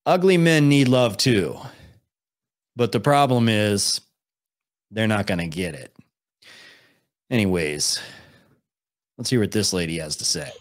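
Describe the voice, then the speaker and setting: A man's voice: on the low side, lively intonation, unhurried, long pauses. A young man hosting a live stream, reacting to videos with dry, sarcastic remarks and reading out chat. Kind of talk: casual live-stream commentary.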